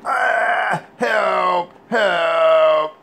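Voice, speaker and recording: A man's voice: mid-range voice, unhurried, creaky, a bit bright, a little hiss or hum. A man voicing a cowardly, whiny man who stammers and shrieks for help. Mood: shrieking. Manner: stammering, panicky.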